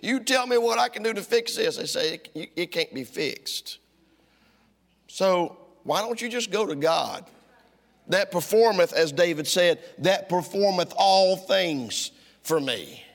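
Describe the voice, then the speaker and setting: A middle-aged male pastor preaching a sermon, swinging from loud, driving lines to hushed ones. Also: high voice, expressive, a little slow, vocal fry. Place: church sanctuary. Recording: long church reverb.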